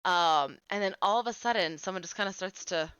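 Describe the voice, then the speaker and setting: A woman's voice: lowish voice, a little fast, a bit bright, clear, resonant tone, dry recording. A woman in her late twenties, a game streamer chatting casually with viewers and telling stories, full of "like". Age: 20s. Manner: chatty storyteller, fillers of "like".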